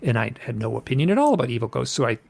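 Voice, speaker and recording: Middle-aged man, gravelly tone, loose repetitive storytelling, casual podcast guest. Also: medium pitch, big pitch swings, very fast, darkish tone. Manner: rambling, repeats phrases, acts out quotes. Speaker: podcast guest recounting an experience.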